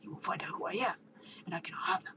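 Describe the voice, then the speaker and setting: A woman voicing a brooding, secretive male vigilante with a strained, breathy whisper. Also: racing, pushed and bright, lo-fi sound, natural voice. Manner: dramatic, secretive.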